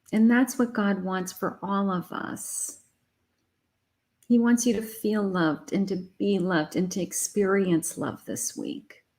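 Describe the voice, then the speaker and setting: A middle-aged woman gives a live tarot reading, unhurried and deliberate. She sounds emotional and uplifting and repeats her affirmations. Her pitch sits at an ordinary middle height. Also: a little mellow. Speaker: psychic tarot reader. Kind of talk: live spiritual reading to viewers.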